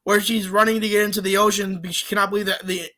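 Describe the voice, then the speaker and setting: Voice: medium pitch, flat delivery, fast, bright, forceful tone. A casual movie reviewer rambling about a film series, with lots of fillers, restarts and casual swearing.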